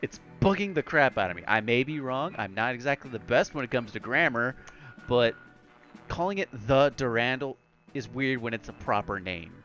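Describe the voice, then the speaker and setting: A man with a bright, forceful voice and lively pitch gives joking commentary on a game he is playing. The recording is a little dull and lo-fi, with faint game music behind him. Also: normal speed. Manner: joking, nitpicky. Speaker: let's play host.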